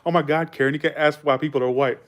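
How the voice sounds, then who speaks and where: A man's voice: fairly high pitch, steady tone, fast, fairly bright tone, slight background noise. A man from the Southern US with a Southern accent, rambling casually on a live stream, swearing freely and telling stories. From Southern United States.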